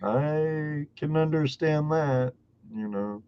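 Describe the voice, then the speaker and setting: A man's voice: fairly high pitch, clean tone, lo-fi sound. A man from Washington state, a prospector guest, telling rambling stories in a casual chat. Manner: slow rambling storyteller.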